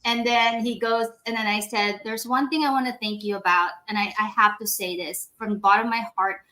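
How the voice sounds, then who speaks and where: A woman in her forties, a medical device sales rep guesting on a podcast, telling stories in a casual, animated way, laughing often and acting out quoted dialogue. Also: a little high, fairly quick. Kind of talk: casual storytelling interview.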